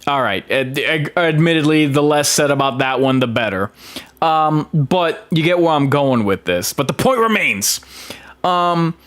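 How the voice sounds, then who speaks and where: A man's voice: a little high, lively intonation, unhurried, a bit bright, a little hiss or hum. A man giving casual film commentary, emphatic, with frequent fillers and restarts. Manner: emphatic, with many ums and restarts.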